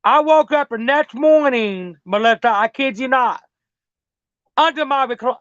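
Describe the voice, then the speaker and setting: A woman's voice: high-pitched, unhurried, a bit bright. A middle-aged woman rambles through a story as an interview guest, circling back to the same phrases and swearing freely. Her voice comes through a muffled, lo-fi recording with a dry, close sound and no room echo. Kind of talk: casual storytelling.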